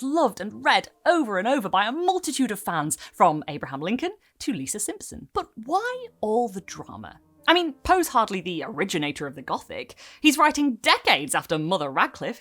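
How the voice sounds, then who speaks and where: A woman giving an emphatic scripted narration for a literary video essay, with dramatic pauses. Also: mid-range voice, fairly bright tone.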